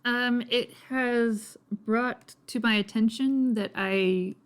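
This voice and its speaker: A woman guest on a tabletop podcast, chatting in a brisk, matter-of-fact way. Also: a little high, fairly even intonation, clear, resonant tone. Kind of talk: casual chat.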